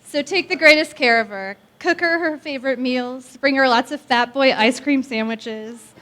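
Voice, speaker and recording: A woman gives a heartfelt wedding toast to her sister and welcomes the groom into the family. She is affectionate but feisty, with a touch of scrappy teasing. Her voice sits somewhat high. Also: moderate pace, fairly bright tone. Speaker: bride's sister giving a toast.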